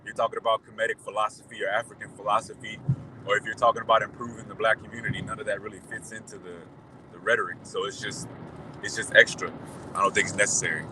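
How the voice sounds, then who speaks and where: A man calling in to a live online panel, making an articulate and measured argument. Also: lowish voice, little pitch movement, noisy background. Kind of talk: casual call-in discussion.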